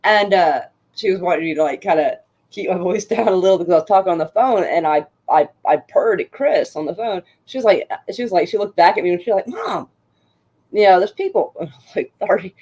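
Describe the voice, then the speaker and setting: A middle-aged woman streams casual chat, spinning stories with lots of laughter and swearing. Her voice is fairly low, quick, and slightly mellow.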